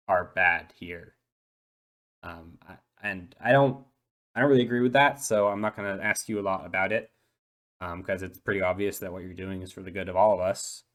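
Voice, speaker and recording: Man doing a stammering young dolphin boy, low-ish voice, hesitant and earnest, tabletop role-play. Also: fairly bright tone. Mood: nervous, chatty. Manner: hesitant, full of ums and restarts. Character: shy eight-year-old dolphin boy.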